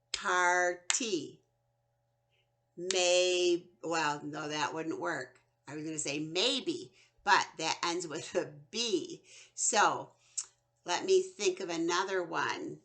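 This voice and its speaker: Slow, lively woman teaching phonics. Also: lowish voice. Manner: slow, exaggerated sounding-out of vowels. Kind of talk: phonics lesson for children.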